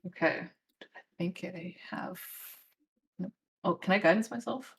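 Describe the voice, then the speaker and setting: A woman's voice: fairly low pitch, measured pace, creaky, slight background noise. A woman playing in a tabletop game, describing her character's actions in a tentative way and thinking aloud with fillers. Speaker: player. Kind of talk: casual tabletop game play.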